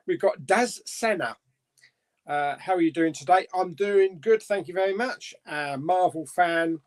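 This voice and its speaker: A man's voice: high voice, a little slow. A man hosting a casual live chat, reading out viewer comments in an easygoing, chatty way with frequent little laughs. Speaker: host of a live chat stream.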